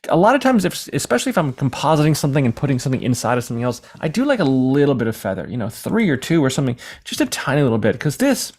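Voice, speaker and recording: Gravelly-voiced man explaining software casually. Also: medium pitch, very animated, rapid-fire, hardly any pauses. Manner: casual, rambling, acts out imagined viewers' questions. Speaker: software tutorial instructor. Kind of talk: screen-recorded software lesson.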